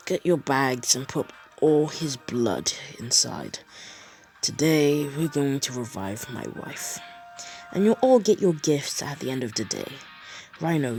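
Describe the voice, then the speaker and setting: A man voicing a sadistic male goblin villain, speaking slowly and menacingly. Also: medium pitch.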